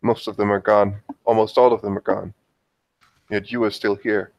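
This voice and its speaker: A man's voice: fairly low pitch, flat delivery, normal speed, darkish tone, dry recording, highs cut off, pitched below the performer's own voice, natural voice. A man voicing a cool-headed young female vampire in a tabletop game. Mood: cold.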